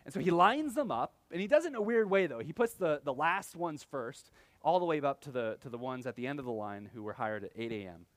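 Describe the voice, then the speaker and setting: A man's voice: fairly high pitch, lively intonation, fairly quick, dry recording. A young adult man preaching a sermon in a conversational style, often acting out quotes with sudden animation. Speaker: pastor.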